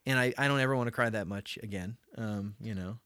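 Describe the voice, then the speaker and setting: A man's voice: fairly low pitch, fairly quick, fairly bright tone, clean tone, dry recording, clean studio sound. A man co-hosting a podcast in casual chat, rambling with fillers and restarts and acting out quotes. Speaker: podcast co-host.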